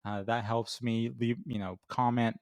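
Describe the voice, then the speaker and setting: A man's voice: mid-range voice, level tone, moderate pace, clear, resonant tone. A middle-aged man hosting a beer review show, telling a casual story full of fillers and restarts before giving his rating. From Florida. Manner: rambling with many fillers and restarts.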